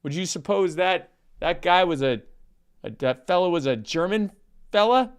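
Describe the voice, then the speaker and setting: Here the podcast co-host sounds high-pitched, smooth and animated, moving at a moderate pace. He drags out a stammering joke and gives a rambling, funny ad read.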